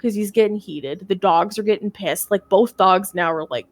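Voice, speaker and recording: A woman's voice: medium pitch, moderate pace, hardly any pauses. A young woman chatting on her stream as she tells a long story from her life. She rambles and swears freely, restarting sentences as she goes. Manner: rambling, profane, with frequent restarts. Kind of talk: casual storytelling chat.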